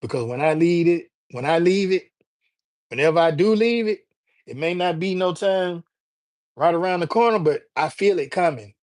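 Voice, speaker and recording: A man talks loosely to his livestream audience, his voice sitting a little higher than most men's. He keeps it easygoing and full of slang, calling out viewers by name as he goes. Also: animated, normal speed, darkish tone. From Alabama, USA. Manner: laid-back and slangy, greeting viewers by name. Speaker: livestream host. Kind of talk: casual livestream chat.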